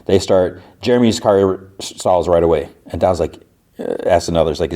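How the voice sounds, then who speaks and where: Low, dark-voiced man recapping casually. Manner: rapid retelling with "he's like" quotes, loose restarts. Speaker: podcast host.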